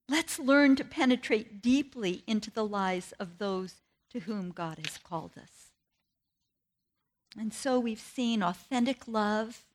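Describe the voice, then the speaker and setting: A woman preaches a sermon in an earnest, personal way, her pitch swinging lively as she recounts a story from her own family life.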